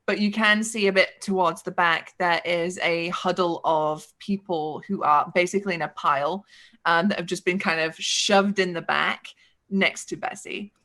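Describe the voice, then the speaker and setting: A woman's voice: on the low side, fairly even intonation, normal speed, bright, forceful tone. A woman casually narrating as game master of a tabletop game. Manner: descriptive, casual, amused.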